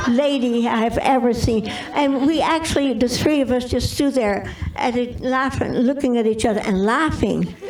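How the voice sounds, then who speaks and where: An older woman telling her personal testimony as an interview guest, halting with restarts and repeats. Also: a little high, darkish tone, distant mic, low-quality recording.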